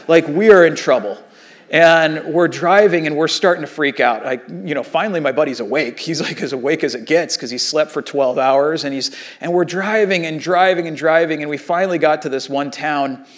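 A man in his thirties, an associate pastor, telling a story in a sermon in a casual, animated way with many fillers. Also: on the high side.

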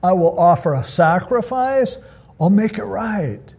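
A pastor doing a cocky young fugitive leader. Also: male voice, sits high, expressive, unhurried, a little mellow, slightly rough, voice pushed up, heavily acted. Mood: pleading. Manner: cocky, taunting, pleading at times.

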